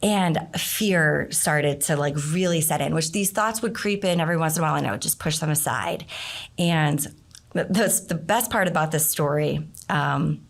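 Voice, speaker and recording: A middle-aged woman, a guest in an interview, telling a personal story in a casual, animated way, her voice leaping up when she acts out what people said. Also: low voice, moderate pace, creaky. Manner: animated storyteller, voice jumps up for quoted outbursts. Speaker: interview guest, nonprofit founder.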